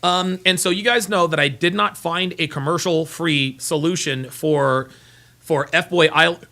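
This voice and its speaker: Here a fairly high-pitched man, unhurried, with a pushed and bright tone, reads viewer messages on a casual livestream. He is tired and yawning, rambles, repeats himself and talks as he fumbles for files.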